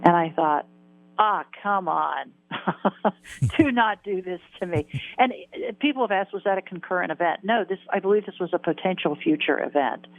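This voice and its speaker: Over a tinny telephone line, a woman in her sixties speaks at a fairly low pitch and fairly quick pace. As an interview guest, she tells a personal story earnestly and vividly, repeating phrases for emphasis.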